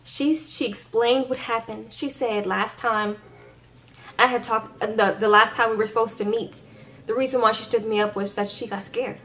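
A woman voicing a lovesick grown man in a low, earnest mumble. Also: steady tone, normal speed, fairly bright tone, a little hiss or hum, lightly acted.

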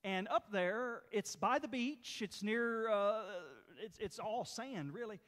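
A man with a Southern American accent, preaching a sermon as pastor in a folksy, animated way and reading scripture dramatically. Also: sits high, slow. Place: church sanctuary. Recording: long hall reverb in church.

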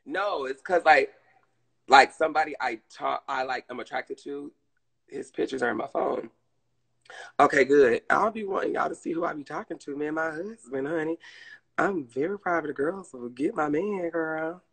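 A man's voice: fairly high pitch, normal speed, gravelly, a bit bright, husky, rough recording. A man with a Southern US accent chatting casually on a live stream, addressing viewers and reading chat. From Southern United States.

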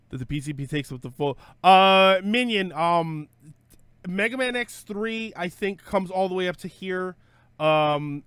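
A man's voice: high-pitched, fairly bright tone, clear, resonant tone, dry recording. A man hosting a casual live stream, thinking aloud, joking and correcting himself with lots of fillers. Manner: self-correcting with frequent fillers. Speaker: streamer host.

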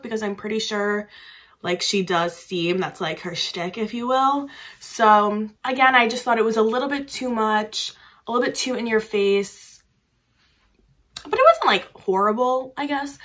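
A woman's voice: on the high side, fairly bright tone. A young woman talking casually as a book vlogger, chatty and giggly with lots of "like" fillers. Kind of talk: casual chat.

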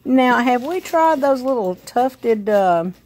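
A woman's voice: on the high side, lively intonation, slow pace, a little mellow. A woman, filming her dog at home on a phone and calling out bubbly sing-song commands and praise. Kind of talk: casual home video chat. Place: living room at home, on a sofa. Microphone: phone camera.

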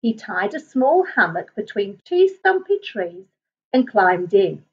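A woman reading a children's picture book aloud in a gentle, expressive way. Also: mid-range voice, slow pace, muffled recording. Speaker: storybook reader.

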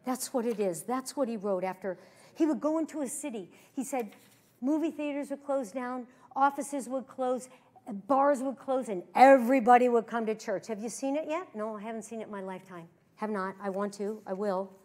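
A woman with a high voice preaches at a church service, her storytelling animated and emphatic. She drops to hushed tones and then climbs to loud bursts. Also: moderate pace. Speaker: guest preacher and pastor. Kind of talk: sermon.

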